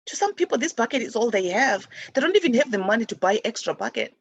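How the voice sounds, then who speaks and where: Woman from zimbabwe hosting a spiritual show, husky voice, kinda rambling, dry close sound. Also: a little high, very animated, quick pace, no room sound. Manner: earnest, rambling with many restarts. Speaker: host. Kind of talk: spiritual talk show monologue.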